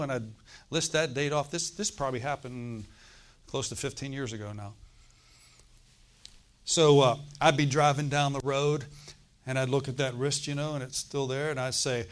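A middle-aged man preaching with the rhythm of a storyteller, his pitch sitting in an ordinary middle range. He swings from quiet, confiding asides to sudden loud declarations, and breaks into acted-out bursts of laughter to drive his point home. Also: moderate pace. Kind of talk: sermon.

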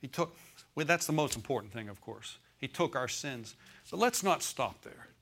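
A man delivering a sermon in an easy, conversational manner, pitched in a comfortable middle range. He mixes homespun humor with earnest repetition and keeps drawing the congregation in with quick calls for an amen. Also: expressive, a bit bright. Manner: conversational preaching, asks congregation for amens; folksy humor, repeats phrases for emphasis. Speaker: pastor.

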